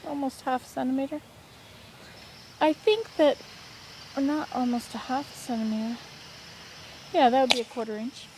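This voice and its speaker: A woman's voice: sits high, normal speed, pauses often, background noise. An older woman giving a casual, rambling video update from home, often correcting herself. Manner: rambling, friendly, self-correcting. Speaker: vlogger. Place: home in the southern US. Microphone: plug-in computer microphone.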